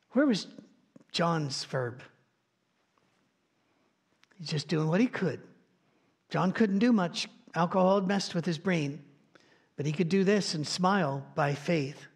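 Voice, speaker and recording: A man's voice: on the high side, animated, slow, long pauses, husky. A man preaching a conversational sermon as pastor, telling folksy stories with asides and light humor. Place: church.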